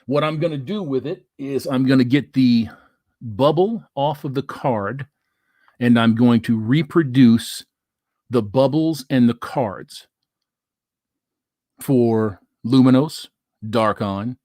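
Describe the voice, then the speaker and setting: A man's voice: mid-range voice, a little mellow, dry recording. A middle-aged man hosting a casual livestream, reading viewer comments aloud and bantering in a loose, profane way. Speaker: livestream host.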